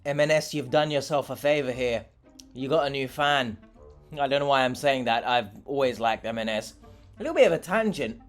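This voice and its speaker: A man's voice: mid-range voice, expressive, brisk, soft background music. A young man, a vlogger, chatting casually and sarcastically while eating, rambling and talking with his mouth full.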